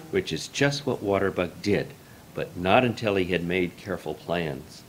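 Low-voiced male storyteller. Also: lively intonation, slight background noise. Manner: measured, formal storytelling. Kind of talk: reading a folk tale aloud.

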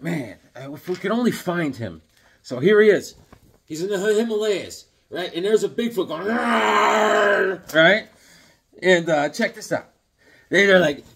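A man reviewing comics in a casual, excitable, rambling way, full of fillers. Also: fairly high pitch, husky.

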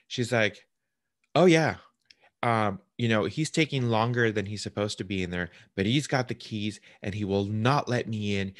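A low-pitched man speaks in a casual, chatty way, telling a story and acting out the voices of people on the phone. The sound is dry and close, with almost no room echo. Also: a bit bright. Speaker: realtor hosting a client interview.

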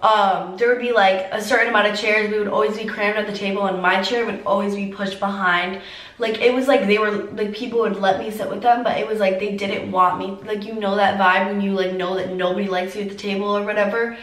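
A teenage girl vlogger telling a personal story through tears, filler-heavy and halting. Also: medium pitch, steady tone, a bit bright, roomy sound, distant mic, rough recording. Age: teens. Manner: tearful, heavy use of "like". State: crying. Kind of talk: emotional storytime.

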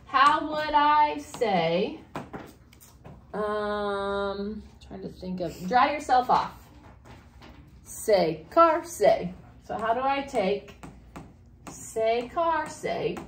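A woman's voice: mid-range voice, expressive, slow pace, pauses often. A woman teaching a Spanish grammar lesson to a class, explaining step by step and asking questions. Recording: echoey classroom, faint noise.

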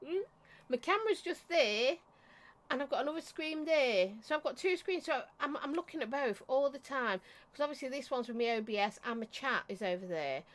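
This woman's high-pitched voice is animated, at a moderate pace, as she hosts a casual live stream from home. The vape reviewer is warm and talkative, welcomes viewers by name, and often coughs or clears her throat.

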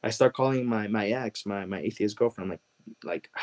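A man from Chicago telling his conversion testimony as a guest, earnest and halting, with many "like" and "you know" fillers. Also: fairly low pitch, a little mellow, breathy edge, rough recording. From Chicago, USA. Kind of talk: personal testimony storytelling.

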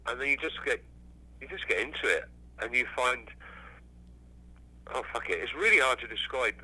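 Sharp-voiced Englishman, sweary and rambling. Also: medium pitch, moderate pace, poor audio. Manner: swears freely, rambling with restarts. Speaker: musician guest. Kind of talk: casual interview chat.

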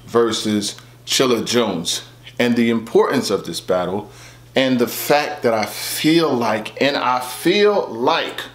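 A man's voice: mid-range voice, echoey room. A man hosting a battle rap commentary vlog, talking casually and conversationally. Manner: laid-back, conversational, repeats "you know what I'm saying".

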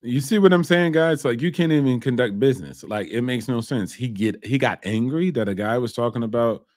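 A man's voice: mid-range voice, a little fast, a little mellow, no room sound, clean studio sound. A man hosting a reaction show, ranting bluntly and mockingly about a clip, with frequent swearing. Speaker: host reacting to a documentary.

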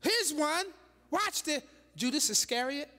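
With a bright, sharp, high-pitched voice, a woman bishop delivers an unhurried but lively sermon that rings with long reverb through a large church hall. She preaches dramatically, posing rhetorical questions to her congregation and laughing in asides.

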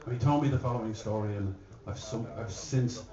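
A man's voice: fairly low pitch, a little fast, crowd noise. A man telling a rambling joke live in a pub, slipping into mock French lines. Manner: rambling anecdotal delivery with mock French phrases. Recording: distant, roomy, dull live pub recording.

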